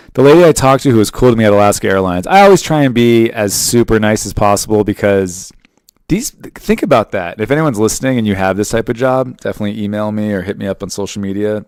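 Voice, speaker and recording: A man's voice: on the low side, darkish tone, clean tone, no echo, studio quality. A man in his thirties hosting a podcast, telling a story in a rambling, jokey, profane monologue. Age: 30s. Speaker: podcast host. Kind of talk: casual monologue.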